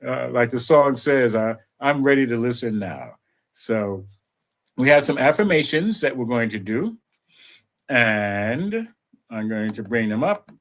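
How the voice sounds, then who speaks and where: A man giving an unhurried, conversational spiritual talk and leading affirmations, with many "you know"s. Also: medium pitch, lively intonation, fairly bright tone. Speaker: spiritual teacher.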